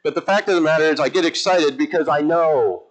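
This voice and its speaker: A male Episcopal priest preaching in church with a lively, emphatic delivery, his voice sitting a little higher than most men's. He swings between quiet asides and animated bursts. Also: fairly quick, rough recording. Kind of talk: sermon.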